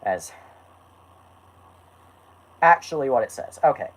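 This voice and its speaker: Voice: mid-range voice, lively intonation, slow, low-quality recording. A host reading an old story aloud as a joke, with laughs and self-mocking asides. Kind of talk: comic read-aloud with asides.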